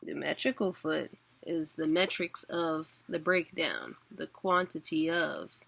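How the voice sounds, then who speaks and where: A woman teaching an online class, talking slowly and patiently. Her voice sits a little low and has a gravelly edge. She explains in a casual way, with some filler words along the way. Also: a bit bright. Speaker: poetry teacher.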